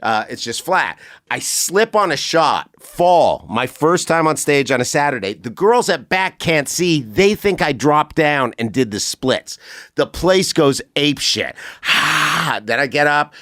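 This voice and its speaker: A man from Canada, a podcast guest, telling profane stories in an animated way and slipping into voices, on a close studio mic. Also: a little high, measured pace, dry recording. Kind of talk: casual storytelling.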